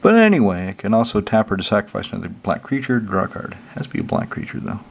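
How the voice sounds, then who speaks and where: A man hosting his own channel, reading out card text and then explaining it in a relaxed, chatty way. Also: fairly low pitch, quick pace, vocal fry, slight background noise. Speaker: channel host. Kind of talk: casual card deck walkthrough.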